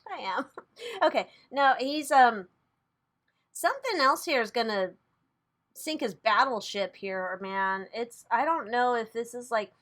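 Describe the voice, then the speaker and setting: A woman's voice: a little high, lively intonation, measured pace, fairly bright tone. A woman hosting a casual tarot reading vlog, chatty and loose, who swears freely and laughs at herself. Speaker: tarot reader and channel host.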